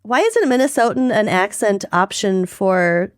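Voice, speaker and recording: A woman's voice: medium pitch, lively intonation, normal speed, clean tone, dry recording, studio quality. A woman co-hosting a podcast, bantering in upbeat casual chat. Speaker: podcast co-host.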